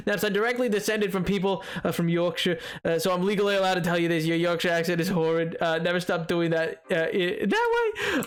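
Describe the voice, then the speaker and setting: High-voiced rambling man streaming games. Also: a bit bright. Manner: rambling, stammering restarts, laughing often. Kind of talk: casual gaming stream chat.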